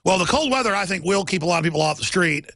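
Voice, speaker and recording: A man's voice: high voice, expressive, fast, fairly bright tone, no room sound. A middle-aged man hosting a political talk radio show, ranting emphatically and repeating himself for effect.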